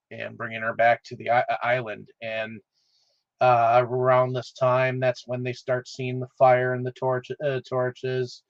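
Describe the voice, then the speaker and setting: A man leads a casual film chat, talking slowly and stumbling through his sentences with a steady stream of "uh" fillers. The recording is dry and a bit dull, with a lo-fi edge. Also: mid-range voice, no room sound. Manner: halting, with constant "uh" fillers. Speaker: podcast host.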